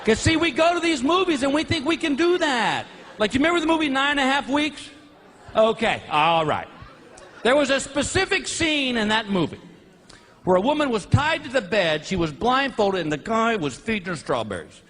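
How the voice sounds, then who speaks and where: A man performing a stand-up comedy routine on stage, telling animated stories and acting out quoted voices. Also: extremely high pitch, moderate pace. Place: stage before a laughing audience. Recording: live show with audience noise.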